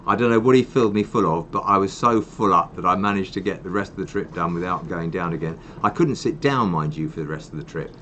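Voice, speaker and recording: Older guy rambling on a live chat, pokes fun at himself, lowish voice. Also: quick pace, few pauses, a bit bright, slight background noise. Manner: rambling, self-mocking banter. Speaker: charity host. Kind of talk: casual live-stream chat.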